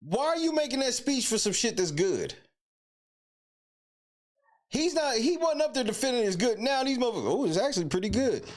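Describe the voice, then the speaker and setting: Animated, high-voiced mocking male streamer. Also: moderate pace, long pauses. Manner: loud, mocking, heavy slang and swearing. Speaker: stream host reacting to news clips. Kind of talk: profane live reaction commentary.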